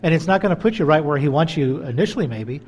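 A man's voice: a little high, animated, fast, darkish tone. An older man hosting a faith interview who reflects on scripture in a preachy, musing way. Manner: reflective, preachy, backchannels with "hmm" and "amen". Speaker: interview host.

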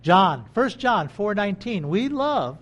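A man delivers a sermon in a high, light voice. He talks to the congregation as if chatting with them, rising into loud, excited bursts and then dropping into quiet asides. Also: unhurried. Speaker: pastor. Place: country church.

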